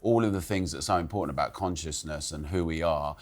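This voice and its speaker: Deep-voiced articulate man. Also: fast talker. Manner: articulate, flowing argument. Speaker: panel guest. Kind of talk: opinionated panel talk.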